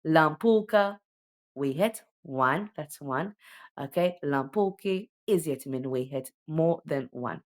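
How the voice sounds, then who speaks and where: A woman's voice: a bass voice, takes it slowly, a little mellow. A woman giving a casual alphabet lesson, explaining each letter in a chatty way with many okays and ums. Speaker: homeschooling teacher.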